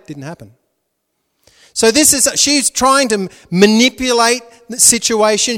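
A male pastor preaching a sermon, swinging between loud emphatic lines and hushed, prayerful ones. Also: sits high, lively intonation, a little slow, in a large hall.

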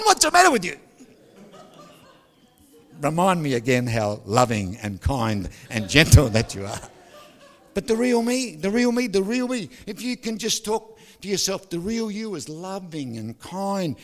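An older man, preaching a sermon with jokes, stories and sudden loud outbursts. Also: on the high side. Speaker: pastor. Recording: hall reverb.

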